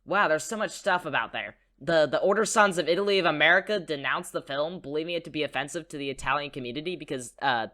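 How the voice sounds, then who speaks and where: Bright-voiced man riffing on films. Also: a little high, fast talker, few pauses. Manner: enthusiastic, rambling, playful asides. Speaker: podcast co-host. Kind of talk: casual film discussion.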